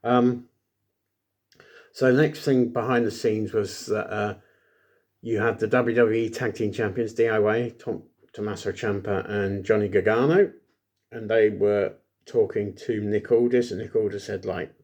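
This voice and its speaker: A man talks through a wrestling recap on his own, in a fairly low voice. He rambles, fills gaps with ums, and makes little jokes at his own expense as he goes. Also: fairly even intonation, a little slow, darkish tone. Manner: rambling, self-deprecating, many ums and asides. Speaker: wrestling show reviewer. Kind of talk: casual solo recap.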